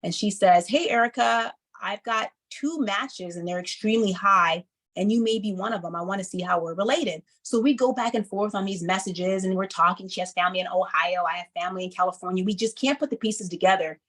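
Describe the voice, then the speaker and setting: A woman in her thirties telling a personal story to an audience, acting out the people she quotes with lively emphasis. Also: mid-range voice, brisk, poor audio. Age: 30s. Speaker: speaker.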